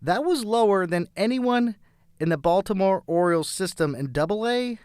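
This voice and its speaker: A man's voice: high-pitched, animated, moderate pace, darkish tone, clean tone, dry recording, studio quality. A young adult man hosting a casual sports talk show, chatty and enthusiastic, rambling through his picks.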